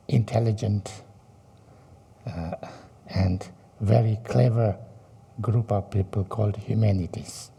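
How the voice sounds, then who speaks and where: Man giving a dharma talk, real slow, super dark and husky voice. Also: on the low side. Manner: slow, halting, many fillers and rhetorical questions. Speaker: Buddhist teacher. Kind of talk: dharma teaching.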